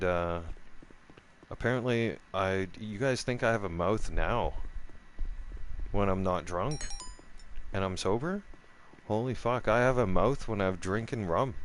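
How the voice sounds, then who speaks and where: A middle-aged man telling a rambling, profane story in a casual vlog rant, restarting his sentences often. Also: a little hiss or hum. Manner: voice jumps up high when quoting himself. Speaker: gaming vlogger.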